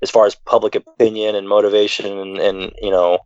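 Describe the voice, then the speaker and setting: A man's voice: fairly low pitch, flat delivery, a little fast, darkish tone, smooth, dry recording, highs cut off. A man co-hosting a casual political chat, rambling with many fillers and restarts. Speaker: podcast co-host.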